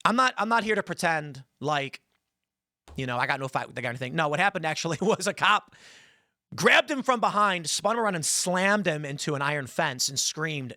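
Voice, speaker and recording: Angry male podcast host, bright sharp tone, fairly high voice, dry close sound. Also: fairly quick, pauses often, dry recording. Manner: angry, swearing, animated storytelling. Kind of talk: heated commentary monologue.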